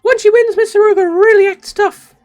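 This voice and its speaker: A man with an English accent voicing a squeaky, excitable young anime ship girl in a silly falsetto while reading game dialogue. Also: faint music behind. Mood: cheerful. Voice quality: shrill, over-the-top falsetto. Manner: deliberately silly high-pitched voice. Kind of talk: game dialogue read-along on stream. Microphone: streaming microphone.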